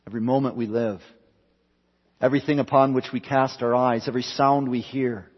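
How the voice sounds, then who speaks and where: A man's voice: medium pitch, muffled recording. Man preaching in a reverberant church. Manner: preaching with repetition, swelling and dropping for emphasis. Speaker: pastor. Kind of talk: sermon.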